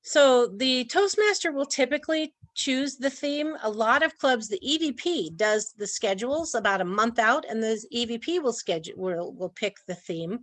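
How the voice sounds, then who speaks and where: A woman's voice: a little high, expressive, moderate pace, few pauses, fairly bright tone, dry recording. A woman presenting an online training talk in a chatty way, laughing often. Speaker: workshop presenter.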